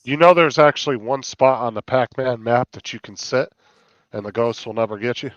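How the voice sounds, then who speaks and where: A man's voice: medium pitch, moderate pace, fairly bright tone, no echo, muffled recording. A man hosting a live stream, chatting loosely and joking with friends. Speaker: streamer host. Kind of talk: casual live-stream chat.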